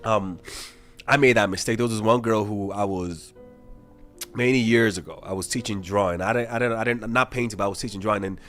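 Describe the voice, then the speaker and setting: A young man, a dating coach, talking casually and bluntly to camera, swearing freely and telling stories with animated energy. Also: fairly low pitch, a little fast, soft background music. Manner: blunt, profane, animated storytelling.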